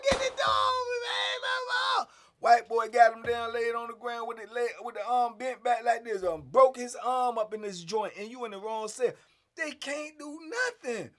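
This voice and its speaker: A middle-aged man telling a story in casual streetwise slang, animated and acting out the scenes. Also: high voice.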